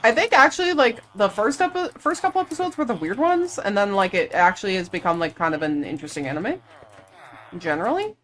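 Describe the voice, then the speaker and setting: A young woman streaming live, chatting casually and rambling while she plays, quick to laugh. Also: medium pitch, very animated, a bit bright. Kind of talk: casual chat while gaming.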